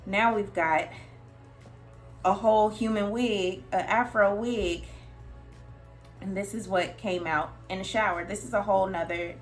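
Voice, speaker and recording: A young woman speaking in a candid personal vlog. She is earnest and emotional, talking haltingly with frequent fillers and nervous laughs. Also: lowish voice. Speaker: vlogger.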